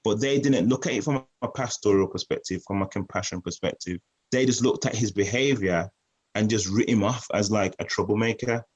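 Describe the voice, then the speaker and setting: Guy giving a community talk, lowish voice, earnest, keeps repeating words as he goes. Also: fairly quick, breathy edge, lo-fi sound. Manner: earnest, repeats words while searching for phrasing. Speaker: youth project presenter. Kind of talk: community presentation.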